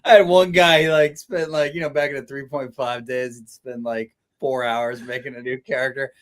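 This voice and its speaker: A man on a video call panel, telling game stories in an excitable way and laughing as he talks. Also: medium pitch, normal speed. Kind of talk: casual storytelling.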